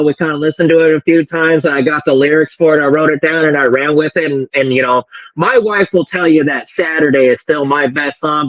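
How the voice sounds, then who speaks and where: A man's voice: fairly high pitch, dry recording, low-quality recording. A man from Colorado with a slight country twang, a musician chatting casually on a podcast in a rambling, self-deprecating way. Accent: slight American country twang. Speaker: musician guest.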